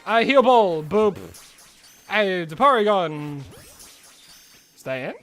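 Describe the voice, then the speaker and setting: Lively high-voiced man streaming a game. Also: slow. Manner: rambling, exclamatory, talks to himself. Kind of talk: casual live-stream chat.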